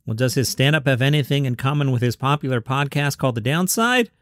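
A man's voice: mid-range voice, expressive, fast, no room sound. Wry male comedy news host, dry studio sound. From New York City. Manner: wry, sarcastic asides between quotes. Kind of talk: scripted news reading.

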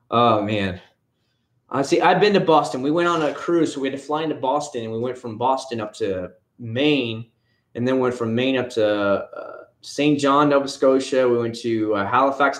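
Brief: man, late thirties, livestream host, rambling and frank, mid-range voice, echoey room. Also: medium pitch. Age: 30s. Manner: rambling, conversational, frank opinions. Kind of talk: casual livestream chat answering viewer questions.

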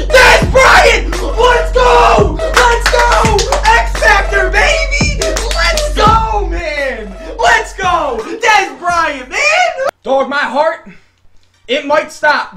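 A man commenting on his own football video game match, hyped and often shouting. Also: very high-pitched. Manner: hyped, frequent shouting and yelling. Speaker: gaming YouTuber.

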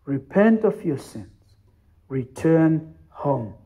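Slow, high-voiced pastor. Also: male voice, big pitch swings, mellow, slightly rough. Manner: emphatic storytelling, repetitive. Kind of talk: sermon.

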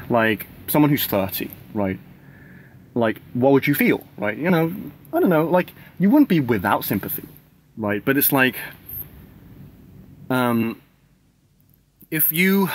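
A man in his thirties talking casually to camera, rambling with constant "like" and "right?" fillers and the odd swear word. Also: mid-range voice. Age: 30s. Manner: swears casually, laughs between thoughts. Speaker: vlogger.

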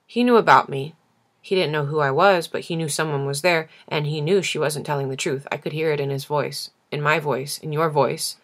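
Low gravelly woman reading a novel. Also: steady tone, brisk. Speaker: audiobook reader.

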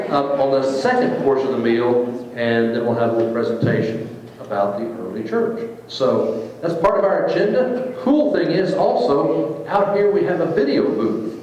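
A man, a pastor, talks to his church group in a lively, joking way, like a teacher. His voice is of middle pitch and comes from some distance off the mic. The sound bounces with the long echo of a large hall. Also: lo-fi sound, slight background noise. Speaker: pastor leading a trip meeting. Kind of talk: informal talk to a church group. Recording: echoey hall, speaker far from mic.

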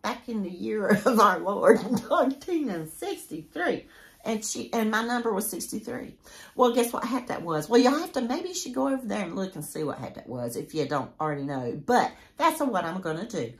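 A woman in her sixties talks casually to her viewers as a crochet vlogger. Her voice rises and falls in a lively way, and she rambles, drifting off and restarting her sentences. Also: mid-range voice, normal speed. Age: 60s. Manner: rambling, chatty, self-interrupting. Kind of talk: casual chat to camera.

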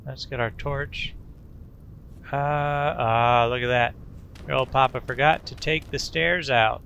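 A man's voice: medium pitch, fairly even intonation, measured pace, creaky, bright, forceful tone, dull audio, slight background noise. A man casually commenting on his gameplay, rambling in a folksy way with fillers and little sound effects. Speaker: gaming channel host. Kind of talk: casual let's-play commentary.

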